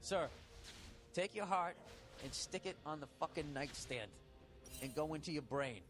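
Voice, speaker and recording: A man delivers comic relationship advice as a swearing, sarcastic rant, his voice pitched a little higher than most men's. He talks bluntly and mocks the letter writer. Loud music plays behind him the whole time. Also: expressive, measured pace. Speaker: advice show host.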